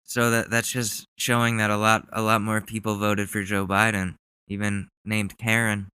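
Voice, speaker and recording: A man talks casually as a podcast host. His voice is slightly low, bright and crisp, and he makes irreverent, profane jokes. The sound is dry and close to the mic. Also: little pitch movement, normal speed, no room sound. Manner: loose, irreverent, joking, profane. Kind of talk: casual chat.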